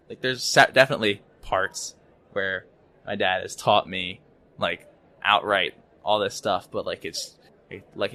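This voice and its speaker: A young man as a podcast guest, talking haltingly with many fillers and repeated words at a conference. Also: on the low side, sharp tone. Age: young adult. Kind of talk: casual interview chat. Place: conference venue.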